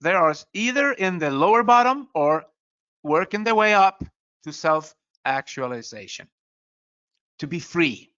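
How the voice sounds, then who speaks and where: A man with a high, bright voice gives an earnest motivational talk. He presses his points and keeps tossing in "you know" asides. The recording sounds slightly dull and lo-fi. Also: sing-song, unhurried. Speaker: motivational speaker.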